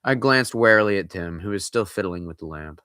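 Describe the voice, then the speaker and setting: A man's voice: sits low, animated, brisk, sharp tone, clean tone, no room sound, clean studio sound. A man reading a scary story aloud, breaking in with casual, joking asides.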